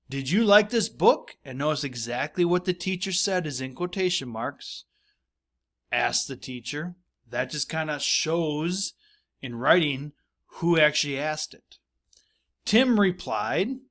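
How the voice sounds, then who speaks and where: A man's voice: a little high, a bit bright. A male teacher giving a recorded grammar lesson, explaining patiently, repeating his points and reading example sentences aloud.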